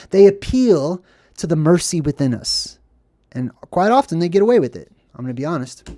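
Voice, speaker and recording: A man's voice: a little high, sing-song, moderate pace, dark tone, no echo. A man hosting film commentary in an earnest, preachy way, often checking in with "right?" and "okay?". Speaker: host.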